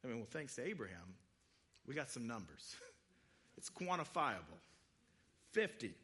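A man's voice: mid-range voice, sing-song, moderate pace, fairly bright tone, husky. A man preaching a sermon in a conversational way, acting out quoted voices. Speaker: pastor.

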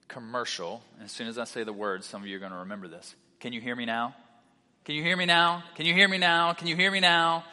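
A man preaching a sermon as pastor, mixing animated delivery with casual conversational asides. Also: mid-range voice. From South Carolina. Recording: long hall reverb.

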